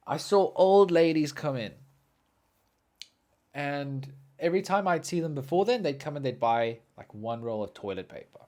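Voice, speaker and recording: Lively, profane man. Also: on the high side. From South Africa. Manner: animated, profane, ranting. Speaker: podcast host. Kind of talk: storytelling monologue.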